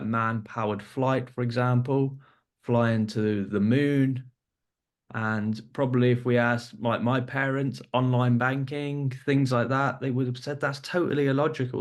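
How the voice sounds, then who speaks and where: Earnest man explaining his view. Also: medium pitch. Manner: earnest, explanatory, building points with examples. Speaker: podcast host. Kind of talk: podcast discussion.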